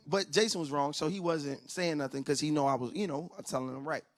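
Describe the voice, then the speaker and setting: A man doing stand-up comedy on a church stage, telling family stories and acting out relatives in loud, high voices. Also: brisk. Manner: animated storyteller who acts out family members in loud high voices. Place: church stage before a live audience.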